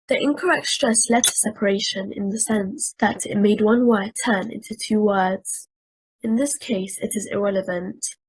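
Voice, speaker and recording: A woman trainer delivers a scripted lecture on stress in Quranic recitation, measured and deliberate, repeating example words with the stress placed differently. Her voice is mid-range with a breathy edge, and the audio quality is poor.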